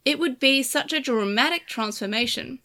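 A woman narrating a game's story chapter aloud in a steady, measured reading. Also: high voice.

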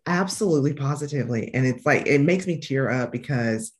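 A woman with a Southern American accent, answering interview questions as an education consultant and coach in an earnest, emphatic way, slowing down to stress key phrases. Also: extremely low pitch, lively intonation, darkish tone.

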